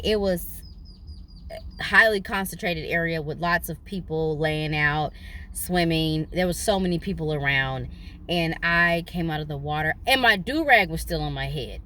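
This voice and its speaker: A young woman recording herself on her phone from inside a parked car. She tells a personal story in a casual, animated way, with a bright, forward voice. A faint hum sits behind her. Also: unhurried. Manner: animated, dramatic retelling with big pitch jumps. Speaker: vlogger.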